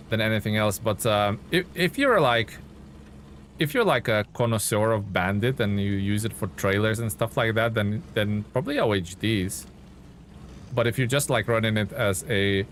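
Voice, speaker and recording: A man's voice: lowish voice, a little hiss or hum. A man streaming a truck-driving game live, giving laid-back, chatty commentary and reading viewer chat aloud.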